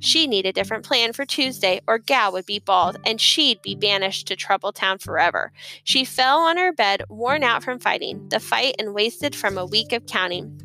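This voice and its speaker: A woman reading a children's novel aloud as narrator, expressive and lively. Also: mid-range voice, moderate pace, soft background music, rough recording. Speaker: audiobook narrator. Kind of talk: scripted storybook narration.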